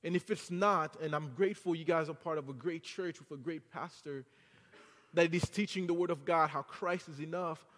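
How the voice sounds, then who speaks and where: A man's voice: a little high, normal speed, a bit bright. A man preaching a sermon in earnest, building emphasis as he addresses the congregation. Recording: long hall reverb.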